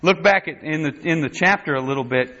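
A man's voice: a little high, brisk, sharp tone. A man teaching a verse-by-verse sermon, reading scripture in old English wording and then explaining it in plain words, often restarting his sentences. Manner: reads King James scripture aloud, then explains it plainly; frequent restarts and self-corrections. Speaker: Bible teacher. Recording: dull lo-fi recording.

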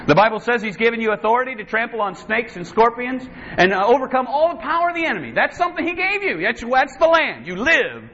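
A man preaching a sermon as pastor, emphatic, with repeated refrains and lively quoted asides. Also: extremely high pitch, fast talker, hardly any pauses. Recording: slightly dull sound with faint noise.

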